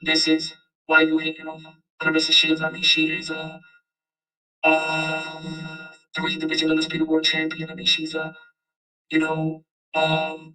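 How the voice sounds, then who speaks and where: A man's voice: a little high, voice pushed down, close to an everyday voice, low-quality recording. A man voicing a woman caller who disguises her voice and scolds the host in mock outrage, repeating herself. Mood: mock-innocent. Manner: indignant, repetitive scolding.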